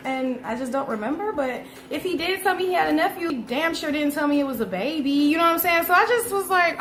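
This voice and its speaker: A woman in her twenties, a vlogger telling a storytime, animated and profane, who keeps calling her viewers y'all. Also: sits high, fairly quick, few pauses. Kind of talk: casual storytime. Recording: echoey room.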